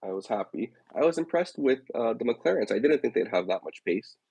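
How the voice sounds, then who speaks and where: A man co-hosting a casual chat, giving measured, thoughtful opinions. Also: medium pitch, lively intonation, gravelly, darkish tone, slightly rough, no echo, muffled recording. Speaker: podcast co-host.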